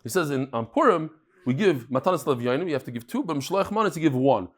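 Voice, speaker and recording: A man's voice: fairly high pitch, animated, fast. Chatty storytelling man. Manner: joking, storytelling, chatty with laughs. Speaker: Talmud teacher. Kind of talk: daf yomi lecture with jokes and stories.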